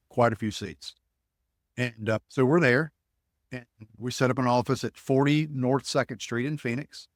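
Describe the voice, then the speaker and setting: A middle-aged man spins a story for a podcast, his voice sitting at an ordinary pitch for a man. He animates the tale by acting out what each person said. The sound is dry and close, with no room around it. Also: no room sound. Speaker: podcast guest, ticket broker. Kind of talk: storytelling in conversation.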